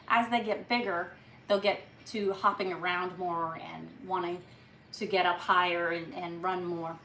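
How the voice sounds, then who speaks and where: A woman's voice: mid-range voice, a bit bright, distant mic. A woman hosts a casual live stream, chatting in a rambling way with plenty of restarts. Her voice sounds roomy and comes from some way off the mic. A faint background hum runs underneath. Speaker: livestream host. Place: home on a farm.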